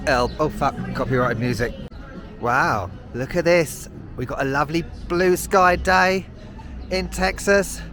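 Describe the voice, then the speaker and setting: A man's voice: a little high, unhurried, music in the background. A British man narrating a walking travel vlog outdoors on city streets, chatty and self-mocking with sarcastic asides. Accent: British English. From United Kingdom. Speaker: travel vlogger.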